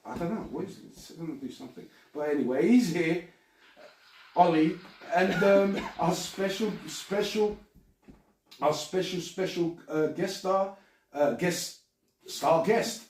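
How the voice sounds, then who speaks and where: A rambling podcast host with a fairly high voice, cracking jokes and cursing as he chats. He sounds a little away from the mic, in a room that rings around him. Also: a little slow, a little mellow, slight background noise. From Britain. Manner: rambling, jokey, swears freely. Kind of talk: casual podcast chat. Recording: roomy sound from a distant mic.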